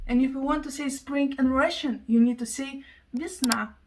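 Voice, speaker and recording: A woman chatting excitedly in a casual home plant vlog, gushing over her plants and thanking viewers. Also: high-pitched, fairly quick, recorded from a distance, a little hiss or hum, rough recording. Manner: gushing, excitable, breaks into laughs. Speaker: plant vlogger. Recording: voice a bit off-mic.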